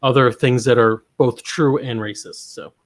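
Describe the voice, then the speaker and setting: Man, mid-pitched voice, dry, sardonic, steering the chat, video call. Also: steady tone, normal speed. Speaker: co-host. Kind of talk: casual comedic chat.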